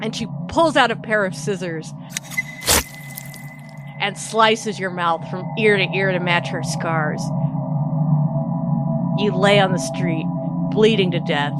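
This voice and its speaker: Animated woman podcast co-host. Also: medium pitch. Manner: animated, laughs often, acts out voices in stories. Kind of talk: casual chat, dramatic storytelling.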